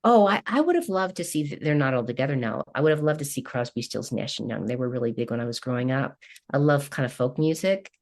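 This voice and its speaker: Older lady from kentucky, really low voice, chatty and rambly. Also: animated, fast talker, darkish tone. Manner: chatty, rambling, laughs often. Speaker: guest coach. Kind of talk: casual interview chat.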